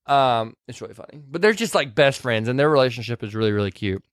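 A man hosting a casual chat, retelling a film as an animated, jokey storyteller. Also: medium pitch, quick pace, few pauses, no room sound, clean studio sound. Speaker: podcast host.

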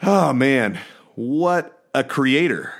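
A man co-hosting a comedy podcast in a halting, deadpan way, stalling on filler sounds. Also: mid-range voice, creaky. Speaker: podcast co-host.

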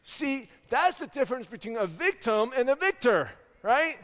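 A forty-year-old pastor preaching a sermon in a church, animated and full of rhetorical questions. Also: male voice, very high-pitched, moderate pace, few pauses, big-room sound. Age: 40s. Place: church sanctuary.

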